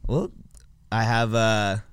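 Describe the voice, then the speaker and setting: A man's voice: lowish voice, level tone, slow pace, smooth, no room sound, clean studio sound. Easygoing man guest, laughing lightly. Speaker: guest, personal trainer. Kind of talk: casual chat.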